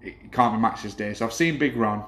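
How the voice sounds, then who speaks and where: A man's voice: fairly low pitch, moderate pace, fairly bright tone. A man telling football stories in a casual chat, rambling with many restarts. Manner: rambling storyteller, hesitant restarts. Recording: roomy echo.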